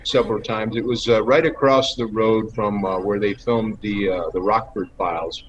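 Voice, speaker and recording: A man's voice: on the low side, steady tone, normal speed. A man guest on an interview, telling rambling stories with many fillers and laughs. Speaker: actor guest. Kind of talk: casual interview storytelling. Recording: dull lo-fi with faint noise.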